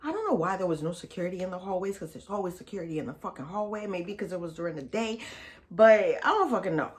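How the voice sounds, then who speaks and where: A woman's voice: on the low side, animated, fast talker. A woman vlogger telling a storytime in a casual, blunt and profane, chatty way.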